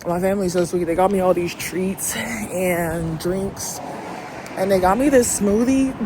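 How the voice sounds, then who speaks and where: A woman's voice: mid-range voice, normal speed. A woman from the United States vlogging in a casual, chatty way, talking straight to the camera with slang and laughs. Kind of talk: casual vlog. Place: outdoors on city streets and in shops. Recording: phone audio with street noise.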